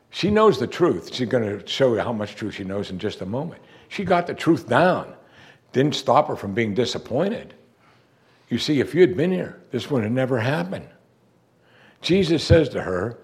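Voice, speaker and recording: Lively, animated male preacher. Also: moderate pace. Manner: expressive, acts out quoted lines with big pitch swings. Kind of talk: sermon.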